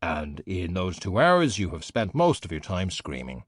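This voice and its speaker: A man voicing an unflappable skeleton detective who speaks with deadpan, dry wit. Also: deep voice, a little slow, no room sound, exaggerated voice.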